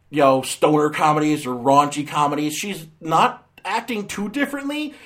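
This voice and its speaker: A man giving a casual movie review, sarcastic and ranting, with loud exasperated outbursts. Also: fairly high pitch.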